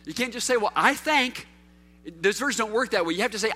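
Pastor guy preaching, high bright voice, big swings loud to quiet, keeps asking the crowd questions. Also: animated, a little fast. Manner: calls out rhetorical questions to the congregation. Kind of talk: sermon.

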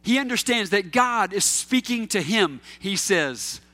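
High, bright-voiced preaching man. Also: expressive, a little slow. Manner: casual and anecdotal, with fillers and repeats. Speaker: pastor. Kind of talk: conversational sermon.

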